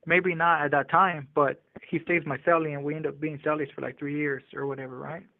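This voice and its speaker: A man's voice: on the high side, little pitch movement, brisk, creaky, no echo. A man telling a story from his own life in casual street slang, often restarting his sentences, heard over a phone call. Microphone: prison phone. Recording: tinny dry phone line.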